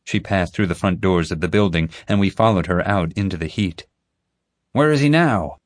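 A man reading a first-person novel aloud as an audiobook narrator, in an even storytelling manner. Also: sits low, brisk, no echo, clean studio sound.

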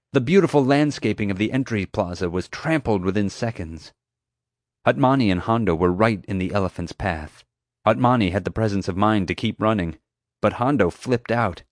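Low-voiced male audiobook narrator. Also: dry recording, studio quality. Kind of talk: first-person scripted narration.

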